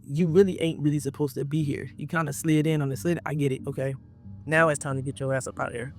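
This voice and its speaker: Casual male vlogger, animated storyteller, rapid talker. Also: a little high, faint music behind. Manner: animated, acts out quotes, talks straight to viewers.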